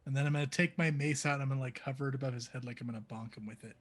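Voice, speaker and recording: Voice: medium pitch, steady tone, very fast. A player in a tabletop game, describing actions and laughing often.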